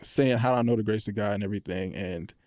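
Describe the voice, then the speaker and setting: A young man in his twenties, a college football player, telling his faith story earnestly on a podcast, animated when he retells moments. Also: lowish voice, fast talker, dry recording, studio quality. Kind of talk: casual faith testimony. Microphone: podcast microphone.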